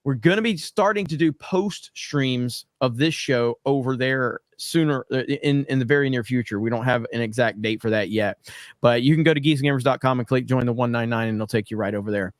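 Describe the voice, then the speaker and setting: A man's voice: medium pitch, fairly quick, dry recording, studio quality. Laughing man hosting a live stream. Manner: laughs often while telling stories. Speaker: show host. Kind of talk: casual live-stream chat.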